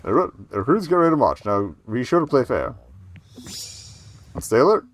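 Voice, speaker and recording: A man's voice: mid-range voice, big pitch swings, a little fast, a little hiss or hum. A man voicing a proud retired British army major in his older years, with a light put-on British accent and formal, gallant military bluster.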